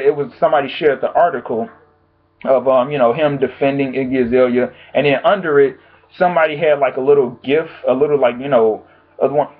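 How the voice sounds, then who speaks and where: A man vlogging from home with blunt, profane, exasperated commentary on the news. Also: mid-range voice. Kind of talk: casual opinion commentary. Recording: tinny phone-like audio.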